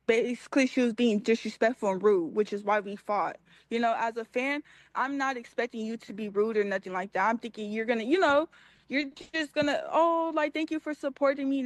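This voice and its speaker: A woman from Los Angeles retelling an argument in a plain, matter-of-fact way, peppering her story with "like." Her voice sits a touch high and sounds close and dry. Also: no echo, rough recording. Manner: matter-of-fact, chatty, full of "like". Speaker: woman recounting a fight in a video clip. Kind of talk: casual storytelling.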